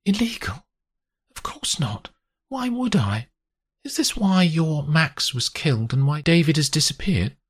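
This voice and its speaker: A woman's voice: low voice, big pitch swings, measured pace, husky, pitched above the performer's own voice, full character voice. A man reading an audiobook, voicing an injured, wary young businesswoman who speaks faintly and guardedly. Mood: anxious.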